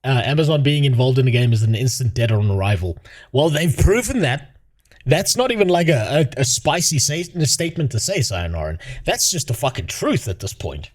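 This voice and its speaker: A man's voice: mid-range voice, sing-song, normal speed. A male streamer ranting casually in a mocking tone, laughing often and rambling. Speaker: streamer host. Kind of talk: casual rant.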